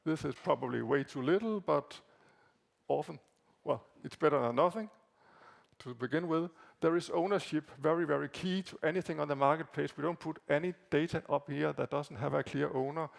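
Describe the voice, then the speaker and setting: A man whose first language is Danish gives a conference talk, walking through slides in a halting way with frequent fillers and repeated words. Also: fairly high pitch, vocal fry. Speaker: conference presenter. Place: conference hall.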